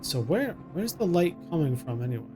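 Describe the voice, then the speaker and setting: A man's voice: a little high, very animated, brisk, music in the background. Man muttering offhand game asides. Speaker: streamer. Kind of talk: casual game commentary.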